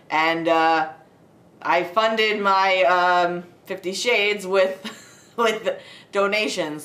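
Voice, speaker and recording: In an echoey room with a home setup and desk light, a young woman makes a ranting film review video, full of sarcasm, swearing and laughter. Her voice is lowish with a fairly bright tone.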